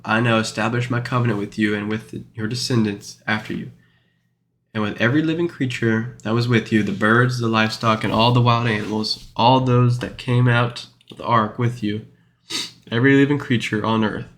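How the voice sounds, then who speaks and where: A man's voice: medium pitch, steady tone, moderate pace, fairly bright tone, slight background noise. A man reading scripture aloud and explaining it in an informal, rambling way, full of fillers and self-corrections. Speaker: Bible study teacher. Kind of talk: informal Bible study reading and commentary.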